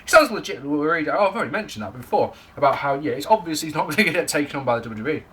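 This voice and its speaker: A man's voice: a little high, lively intonation, racing, pushed and bright. A young man giving a casual, jokey, sweary spoken wrestling review to camera.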